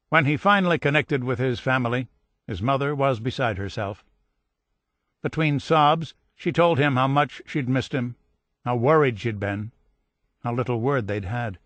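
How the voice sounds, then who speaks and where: A man reading a history audiobook in measured scripted narration, lifting his voice for quoted dialogue. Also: mid-range voice, fairly bright tone, dry recording. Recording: dry studio voice-over.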